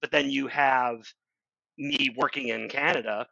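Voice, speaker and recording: A man in casual podcast chat with a gravelly, bright, forceful voice. He stammers and restarts often, and his musing turns easily into jokes. The recording is dry and slightly dull, with little high end. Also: fairly even intonation, dry recording. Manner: halting, stammering, quick to joke. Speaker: podcast co-host.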